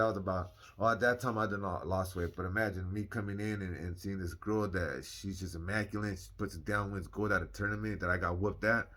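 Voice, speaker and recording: A young man casually telling a personal story, animated and slangy, repeating phrases for emphasis. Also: sits low. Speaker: vlogger.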